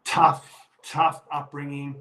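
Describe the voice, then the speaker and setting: A fairly high-pitched middle-aged Australian man, formerly a rugby league player, takes his time telling stories in a casual chat. Animated as he spins his yarns, he acts out the voices of the people he quotes. The low-quality recording was made in an echoey room.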